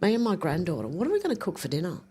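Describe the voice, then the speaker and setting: A woman's voice: on the low side, wildly swooping pitch, racing, dark tone, slightly rough. An older woman hosting a casual livestream, reading viewer comments aloud and rambling as she clicks around. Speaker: livestream host.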